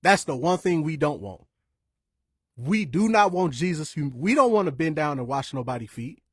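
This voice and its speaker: A young man, telling stories in a lively, informal preaching style. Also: a little high, normal speed, husky, dry recording, clean studio sound. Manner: lively, animated storytelling with quoted voices and restarts. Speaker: speaker sharing church stories.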